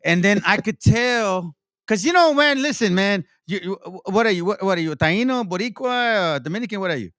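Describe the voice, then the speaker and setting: High, animated male storyteller. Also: fairly quick, dry recording, clean studio sound. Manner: animated storyteller, acts out quotes, profane. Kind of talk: casual discussion.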